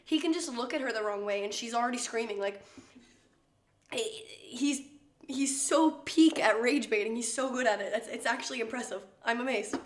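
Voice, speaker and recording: Chatty young woman streamer, slightly high voice, roomy kitchen sound. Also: normal speed. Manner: chatty, laughing, swears freely. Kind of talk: casual chat while cooking. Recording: echoey room.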